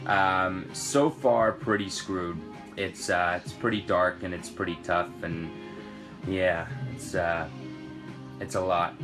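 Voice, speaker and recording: Low-voiced young man chatting casually. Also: takes it slowly, music in the background. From Britain. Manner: relaxed, rambling, reads fan questions aloud then answers. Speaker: actor answering fan questions. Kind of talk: casual live-stream Q&A. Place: trailer on a film set.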